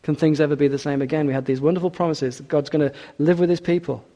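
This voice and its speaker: Male preacher, mellow tone, expressive sermon delivery, echoing hall. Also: fairly high pitch, fast talker. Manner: expressive, rising for emphasis, drops quiet for scripture.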